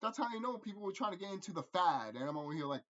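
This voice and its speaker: A man rambling through a casual movie review, profane and animated, laughing often. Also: high-pitched, racing, muffled recording.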